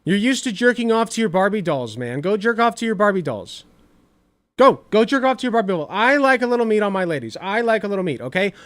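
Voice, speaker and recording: A man's voice: high-pitched, big pitch swings, fast talker, fairly bright tone. A young man reacting to clips in casual commentary, blunt and profane, repeating himself for emphasis.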